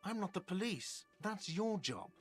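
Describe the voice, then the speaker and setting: An actor playing an irritable middle-aged cafe manager who answers questions curtly and defensively. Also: male voice, high-pitched, animated, a little slow, slightly rough, soft background music, full character voice. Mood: annoyed, defensive. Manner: defensive, curt and exasperated.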